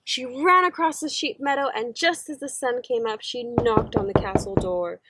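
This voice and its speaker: A woman teacher reading a children's story aloud, slow, gentle and expressive. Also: fairly high pitch, noisy background.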